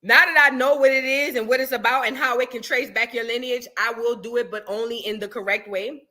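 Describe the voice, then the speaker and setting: Woman streamer chatting with viewers, aave, high bright voice, loud one sec then muttering. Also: fairly quick. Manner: animated, chatty, swings between loud exclamations and muttered asides. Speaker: livestream reaction host. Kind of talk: casual livestream chat reading super chats.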